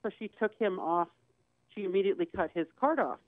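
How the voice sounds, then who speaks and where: Appearing as a talk show guest, a woman recounts a personal story with candor, voicing the people in it. She speaks expressively and a little fast at a medium pitch, and the audio is dry, tinny and phone-like, with no echo.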